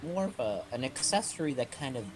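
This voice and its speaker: A woman's voice: extremely low pitch, sing-song, fairly quick, background noise. A woman playing a tabletop game as a player, talking hesitantly and correcting herself. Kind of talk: casual tabletop role-play.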